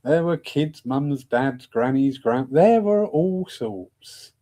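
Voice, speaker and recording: A man's voice: mid-range voice, lively intonation, takes it slowly, dark tone. A man hosting a discussion evening, chatting in a rambling, self-mocking way and laughing often. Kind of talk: casual rambling talk.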